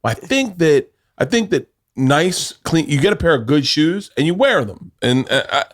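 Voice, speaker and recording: A middle-aged man hosting a podcast, telling animated stories in casual chat, swearing freely and laughing as he talks. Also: on the high side, normal speed. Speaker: podcast host.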